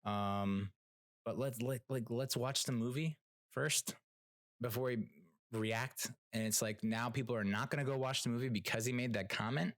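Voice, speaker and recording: A man's voice: medium pitch, steady tone, normal speed, dry recording, clean studio sound. A man hosting a podcast, talking in a rambling, casual way with lots of fillers and restarts, blunt and sometimes profane. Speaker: podcast host. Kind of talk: casual solo rant and TV review.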